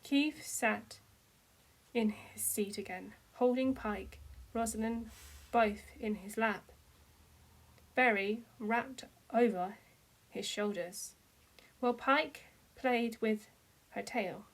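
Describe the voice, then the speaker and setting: A slightly high-voiced woman reads fan fiction aloud slowly, leaving long pauses. She keeps the amateur narration steady, and her voice rises into cries for the dialogue.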